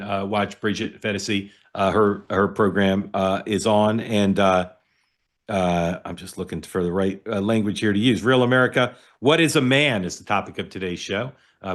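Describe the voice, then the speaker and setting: A middle-aged man with a low voice closes out his political talk show. He reads through announcements in a halting way, with many "uh" fillers between phrases. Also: a bit bright. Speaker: host.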